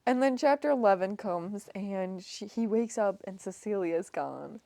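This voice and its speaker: A woman's voice: medium pitch, animated, a little slow, vocal fry, warm tone, no room sound. A woman co-hosting a casual book podcast, laughing and exclaiming as she recaps chapters. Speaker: podcast co-host. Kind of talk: casual book club chat.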